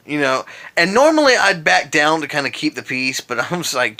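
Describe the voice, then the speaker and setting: A man's voice: on the high side, sing-song, brisk, few pauses, bright, forceful tone. A tired young man in bed, venting about an old boss in a casual vlog rant with sarcastic asides. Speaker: vlogger. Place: in bed at home.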